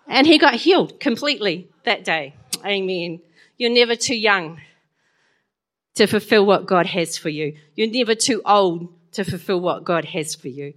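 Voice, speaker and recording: A woman, preaching a chatty sermon full of stories and quick laughs. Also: mid-range voice, animated, fairly bright tone. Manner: chatty, storytelling, laughs often.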